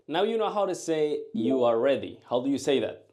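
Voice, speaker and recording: A man teaching a language lesson, drilling short phrases and answers in a slow, carefully enunciated way. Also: mid-range voice, sing-song, warm tone.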